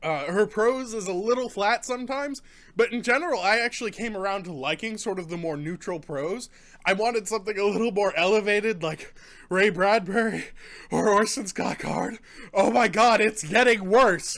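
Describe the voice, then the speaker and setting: A young man with a high, bright voice talks through a casual book review while suffering from a hot pepper. He rambles and groans, stopping to swear and cough between points.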